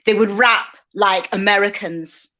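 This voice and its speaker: A woman from England, a radio presenter guest, recalling the past in plain, measured talk. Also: medium pitch, steady tone, sharp tone. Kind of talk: casual interview chat.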